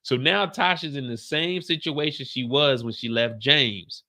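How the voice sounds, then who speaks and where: A man recapping a TV finale in casual commentary, acting out the characters in high and low voices. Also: measured pace, sharp tone. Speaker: show reviewer.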